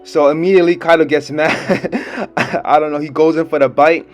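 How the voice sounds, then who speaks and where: A man's voice: on the high side, level tone, a little fast, soft background music. A young man giving a casual video review of a comic chapter, talking in a laid-back, slangy way and laughing often.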